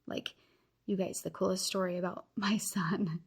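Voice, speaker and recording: A woman's voice: medium pitch, fairly even intonation, normal speed, husky. A woman in her thirties hosting a podcast, talking earnestly and encouraging her listeners directly as she gives them a challenge. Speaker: podcast host. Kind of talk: motivational podcast talk.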